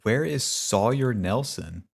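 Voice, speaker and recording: A man's voice: medium pitch, expressive, slow pace, gravelly, slightly rough. A man streaming a video game, chatting casually with a wry, profane, grumbling manner. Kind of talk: casual gaming stream chat.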